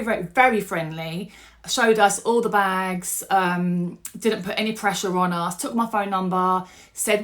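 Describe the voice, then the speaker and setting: A middle-aged woman, telling a personal story to camera in a chatty, animated way. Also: medium pitch. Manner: animated, chatty, with fillers and restarts. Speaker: vlogger.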